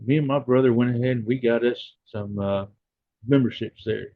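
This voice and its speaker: A man's voice: mid-range voice, normal speed, no echo, narrow, tinny audio. A man hosting a casual livestream, talking in an earnest, rambling, heartfelt way. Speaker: livestream host.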